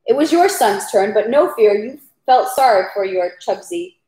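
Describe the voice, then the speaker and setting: A woman voicing a little old peasant man who speaks quickly and laments, in a roomy echo. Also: mid-range voice, lively intonation, mellow, natural voice. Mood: lamenting.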